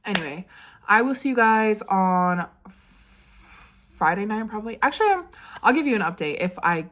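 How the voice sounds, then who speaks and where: In a casual storytelling vlog, a young woman chats in a dramatic way and leans heavily on "like." Her medium-pitched, slightly bright voice is expressive and moves at a moderate pace.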